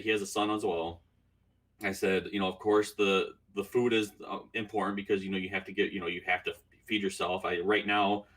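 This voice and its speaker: A man's voice: low voice, a bit bright, far from the mic. A man telling stories in a casual podcast chat, rambling with many fillers and restarts. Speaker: podcast guest.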